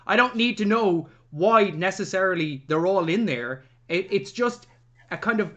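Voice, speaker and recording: A man's voice: high voice, lively intonation, normal speed, fairly bright tone, highs cut off. A man co-hosting a podcast, reviewing a film in rambling, chatty talk with jokey asides. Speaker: podcast co-host. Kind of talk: casual film-review chat.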